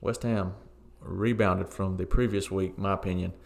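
Deep gravelly-voiced man talking football. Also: normal speed. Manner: relaxed, opinionated, frequent fillers. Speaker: co-host of a football podcast. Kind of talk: casual sports chat.

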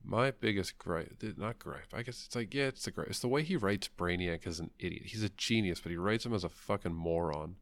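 A man's voice: deep voice, brisk, few pauses, no room sound. A man talking casually about comics, blunt and rambling, swearing freely. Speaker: comic book podcast co-host. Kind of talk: casual chat.

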